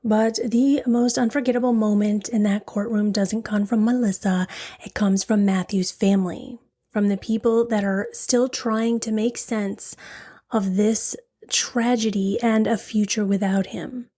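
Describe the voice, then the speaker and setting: A woman hosting a true crime podcast, narrating a case in a dramatic way, dropping into whispers and slowing down on key phrases. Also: mid-range voice, fairly even intonation, mellow. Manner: dramatic, drops to a whisper for emphasis; slows right down on key phrases.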